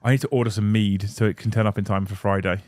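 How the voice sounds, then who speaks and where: A man's voice: fairly low pitch, steady tone, quick pace, darkish tone, no echo, clean studio sound. A man hosting a casual livestream, ranting bluntly and swearing as he reads viewer messages. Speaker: streamer host reading super chats.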